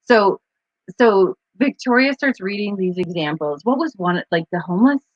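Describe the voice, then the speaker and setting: A woman's voice: medium pitch, lively intonation, moderate pace, no echo. Chatty woman co-host, rambling live-stream talk, dry slightly muffled sound. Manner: rambling, chatty storyteller with many fillers. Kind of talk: casual live-stream chat.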